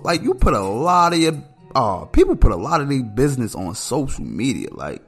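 Profane ranting man, lively pitch. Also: normal speed, husky, soft background music. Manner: blunt, profane, ranting with heavy filler "man"; animated, pitch jumps when outraged or amused. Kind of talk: casual solo commentary.

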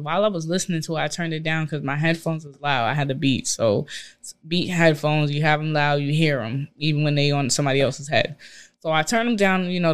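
A woman's voice: sits low, clear, resonant tone. Young woman, casual chat, profane storytelling, laughs a lot.

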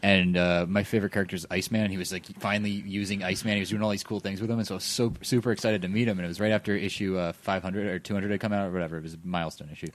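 A man's voice: sits low, steady tone, racing, hardly any pauses. A man co-hosting a podcast, telling anecdotes in a casual chat full of fillers and dry jokes.

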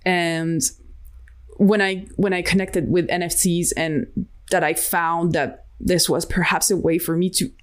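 Candid young woman, reflective and halting. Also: fairly low pitch, level tone. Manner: candid, reflective, frequent fillers and restarts. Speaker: interview guest, digital artist. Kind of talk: casual interview conversation.

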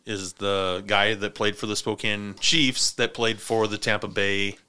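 Bright, smooth-voiced podcast host man. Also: lowish voice, flat delivery, measured pace. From Montana. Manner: joking, swears freely, rambling storyteller. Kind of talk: casual chat. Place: small podcast studio.

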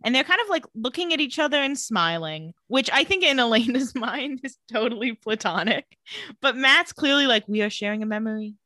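A woman's voice: sits high, expressive, moderate pace, bright, forceful tone, dry recording, clean studio sound. A woman co-hosting a podcast, chatting casually as she retells a TV episode and acts out the characters' lines. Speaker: podcast co-host recapping a TV episode. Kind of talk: casual chat.

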